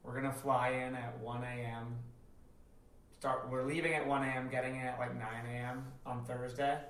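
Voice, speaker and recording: A man's voice: medium pitch, level tone, moderate pace, fairly bright tone, recorded from a distance. Laid-back man podcasting in a roomy space. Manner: joking, rambling, trails off often. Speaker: podcast co-host. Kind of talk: casual chat. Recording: roomy echo from away from the mic.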